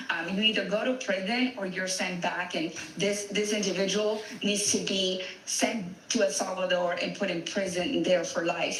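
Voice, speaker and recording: A woman's voice: medium pitch, bright, forceful tone, echoey room, a little hiss or hum, poor audio. A woman speaking as a political guest in a TV news interview, emphatic and repeating key words.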